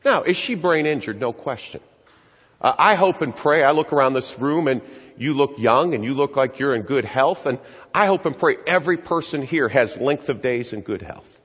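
A man's voice: mid-range voice, slightly rough. Earnest middle-aged man speaking in an echoey hall. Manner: earnest, acts out quoted voices. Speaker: speaker addressing an audience. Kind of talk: public talk, storytelling. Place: large hall before an audience. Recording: echoey hall, dull lo-fi sound.

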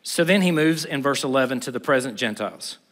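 A man's voice: mid-range voice, animated, quick pace, fairly bright tone. Emphatic middle-aged man preaching in a hall. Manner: emphatic, blunt and conversational. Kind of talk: sermon. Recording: reverberant hall.

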